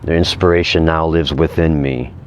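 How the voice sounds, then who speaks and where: Man, deep voice, reading quotes aloud, casual asides, slow emphatic repeats, faint background noise. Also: fairly even intonation. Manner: slow, emphatic repetition of key phrases. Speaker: vlogger.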